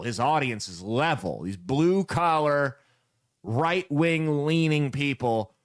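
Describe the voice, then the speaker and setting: A Midwestern American man offers casual political commentary, blunt and sarcastic. His medium-pitched voice rises and falls a great deal as he speaks.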